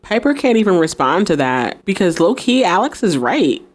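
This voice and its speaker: A young woman with a slightly low voice talks through a TV episode for her podcast. She keeps things casual and animated. She laughs easily and slips into the characters' lines as she goes. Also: moderate pace. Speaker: podcast host recapping a TV episode. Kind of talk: casual recap with acted-out quotes.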